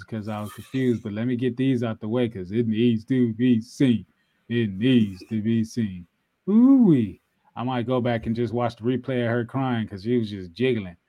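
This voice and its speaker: A man's voice: medium pitch, moderate pace, warm tone, no echo. A young man co-hosting a wrestling podcast in casual, playful chat, repeating himself as he talks. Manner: laid-back, repeats himself, playful teasing. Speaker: podcast co-host.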